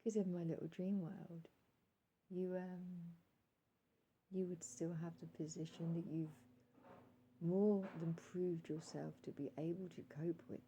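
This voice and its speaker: A woman vlogger delivering a heartfelt monologue straight to camera, addressing her listener respectfully as sir. Her voice is low, dark and gravelly with plenty of fry. She hesitates often and checks her timer aloud between thoughts. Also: little pitch movement, unhurried, a little hiss or hum, low-quality recording. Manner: calls out timer readings while talking.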